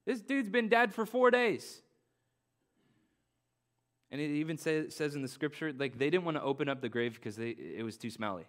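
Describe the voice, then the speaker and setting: A man's voice: a little high, expressive, moderate pace, long pauses. A young man, a pastor, preaching an earnest sermon, repeating key phrases and dropping in casual slang.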